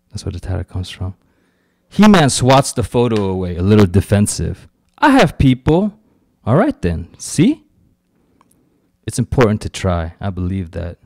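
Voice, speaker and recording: A man's voice: on the low side, darkish tone, dry recording. A man reading his own fiction aloud at a live event, telling a first-person story with gritty street slang and brief put-on voices for quoted characters.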